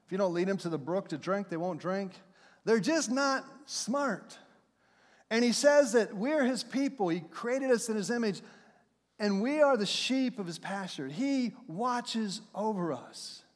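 A middle-aged pastor with a high, animated voice preaches a little slowly, keeping it conversational. He drops into playful acted voices and laughs along with what he says. The sanctuary gives a long hall reverb.

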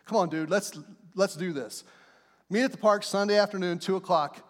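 A man putting on a higher voice to play his younger self mocking a bully on the phone. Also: moderate pace, long reverb tail, natural voice. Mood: taunting. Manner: taunting, jeering.

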